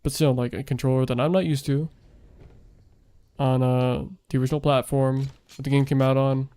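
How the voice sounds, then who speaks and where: A young man streams a game he's making and chats casually, rambling with lots of fillers. His voice is medium-pitched, level, warm and clean, at a normal speed, though it sounds worn out from the late hour.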